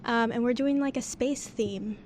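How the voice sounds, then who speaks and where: Young female college radio host, chatty and upbeat, slightly high voice. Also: moderate pace, a little mellow, slight background noise. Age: young adult. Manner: chatty, laughs easily. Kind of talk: casual radio chat.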